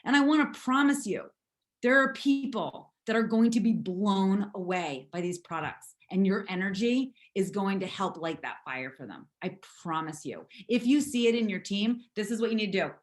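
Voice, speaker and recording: A hoarse woman leading a motivational team call, emphatic and repetitive as she urges her team on. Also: mid-range voice, lively intonation, moderate pace. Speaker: network marketing team leader.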